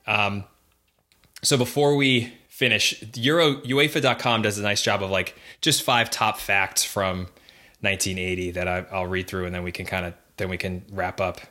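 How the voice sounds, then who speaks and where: A man co-hosting a casual podcast, his lowish voice bright and forceful. He chats easily and reads out facts with plenty of ums and restarts. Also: fairly even intonation, moderate pace. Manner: chatty, reads facts aloud with fillers. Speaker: podcast co-host.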